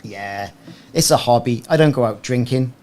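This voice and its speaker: A man's voice: mid-range voice, normal speed, a little mellow. A gaming streamer chatting casually and rambling in a self-deprecating way while talking into his desk microphone in a small home room. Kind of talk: casual live stream chat. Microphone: desk podcast microphone. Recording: faint room fan noise.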